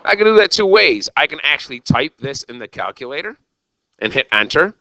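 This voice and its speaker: A man's voice: fairly high pitch, big pitch swings, fairly quick, pushed and bright, no room sound, low-quality recording. A man teaching a recorded algebra lesson, talking straight to his students in an exuberant, jokey, self-mocking way. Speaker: math teacher.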